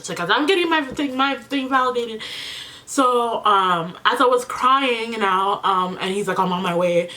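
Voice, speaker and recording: Woman vlogger talking to "you guys", lots of "like", emotional and teary, kinda high voice. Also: unhurried, bright, forceful tone. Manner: chatty, fills with "like", speaks to viewers as "you guys"; emotional, close to tears. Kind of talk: emotional get-ready-with-me storytelling.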